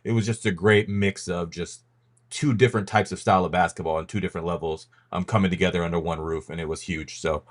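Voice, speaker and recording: A man with a fairly low voice hosts a casual sports podcast. His talk is loose and rambling, full of ums and stop-start restarts as he runs the segment and hands off to his co-hosts. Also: fairly even intonation, quick pace. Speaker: podcast host leading a rankings reveal.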